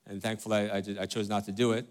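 A man's voice: lowish voice, flat delivery, racing. Earnest, chatty middle-aged male pastor. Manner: conversational, many fillers and tag questions like "right?" and "okay?"; direct and earnest with the congregation. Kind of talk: sermon.

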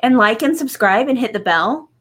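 A woman's voice: a little high, animated, normal speed, fairly bright tone, slightly rough. Easygoing woman co-hosting a podcast. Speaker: podcast co-host. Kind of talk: casual live podcast chat.

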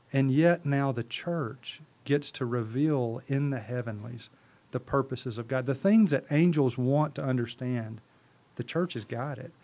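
A podcast guest who leads a ministry preaches with fervor while keeping it conversational, leaning on rhetorical questions and repeated words. His voice sits at a medium pitch and is a little mellow.

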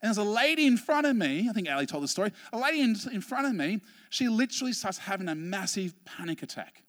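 An Australian man, a pastor, preaching a sermon through animated, humorous personal stories, often restarting his sentences. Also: high voice, long reverb tail.

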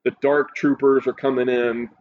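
A man talks in relaxed casual chat and grows more excited as he retells the scenes he loved. His voice rises sharply when he gets carried away. The recording is a little dull, with a faint hiss underneath. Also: mid-range voice, normal speed. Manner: excited, animated recounting of a show.

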